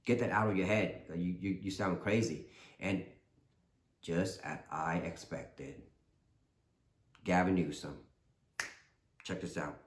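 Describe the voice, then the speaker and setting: A man hosting his own channel, talking earnestly in a casual, animated commentary monologue that often repeats itself. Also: low-pitched, slow, pauses often, reverberant. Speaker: channel host.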